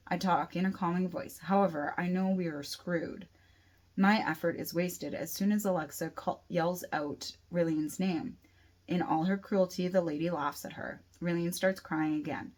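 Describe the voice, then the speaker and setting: Lower-pitched woman reading her novel. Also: normal speed. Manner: steady reading with occasional restarts. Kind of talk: first-person audiobook narration.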